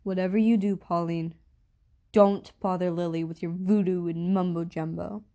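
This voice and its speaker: A woman reading as a stern father who brushes off superstition. He speaks firmly, in a slightly lowered voice. It is a storybook reading. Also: steady tone, normal speed, warm tone, natural voice. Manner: firm, stern. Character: stern, dismissive father, adult man.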